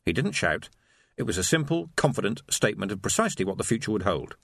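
A man narrating an audiobook in an expressive, wry storytelling voice. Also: fairly low pitch, fast, vocal fry, slightly rough, dry recording, clean studio sound. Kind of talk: scripted narration.

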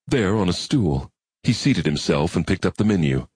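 Low, husky male narrator, measured read, dry close sound. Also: sing-song, darkish tone, dry recording. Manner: measured, reflective reading. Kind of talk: audiobook narration.

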